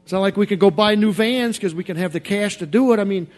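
A man preaching a sermon in a repetitive, emphatic cadence, swinging from quiet confession to shouted outbursts. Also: high voice, fast.

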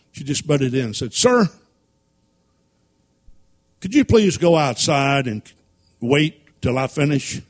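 A man preaching a sermon through folksy, animated personal stories and laughing at his own tales. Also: mid-range voice. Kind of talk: sermon storytelling.

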